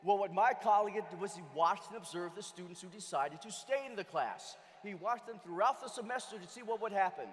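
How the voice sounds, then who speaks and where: A man delivering a motivational keynote with lots of energy, often rising to a shout as he questions the crowd. His voice is very high. Long hall reverb trails each phrase. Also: a little fast, hardly any pauses. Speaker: keynote speaker. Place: large convention hall.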